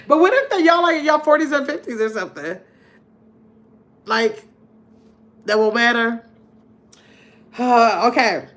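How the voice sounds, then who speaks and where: A woman's voice: on the high side, fairly bright tone. A middle-aged woman hosting a casual livestream game night, reading viewer comments aloud and chatting with a laugh. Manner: chatty, laughs often, talks straight to viewers. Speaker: livestream host.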